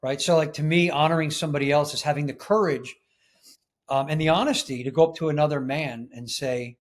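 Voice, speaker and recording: A man's voice: fairly high pitch, fairly even intonation, fairly quick. A man speaking as a guest in an interview, in an earnest, emphatic way. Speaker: podcast guest. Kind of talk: casual interview chat.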